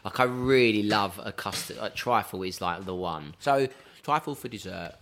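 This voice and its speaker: A man chatting casually as a guest, telling stories in an animated way and laughing often. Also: fairly low pitch, moderate pace, slight background noise. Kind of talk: casual chat.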